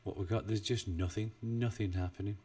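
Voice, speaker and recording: A man's voice: on the low side, steady tone, a little fast, dark tone, breathy edge, far from the mic. A man chatting casually on a trading live stream, rambling and self-deprecating, with frequent chuckles. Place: home desk in the UK. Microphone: desk mic, not well placed.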